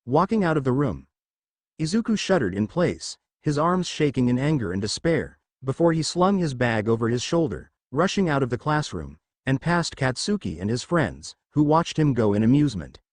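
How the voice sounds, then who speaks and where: A man reading fan fiction aloud in a lively, expressive storytelling voice. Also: medium pitch, no room sound, clean studio sound. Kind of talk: storytelling narration with character voices.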